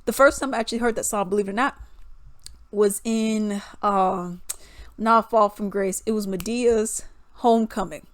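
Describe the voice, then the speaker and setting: A woman's voice: medium pitch, fairly even intonation, moderate pace, no echo. A young woman, giving casual music commentary, laughing often and mocking songs in singsong voices.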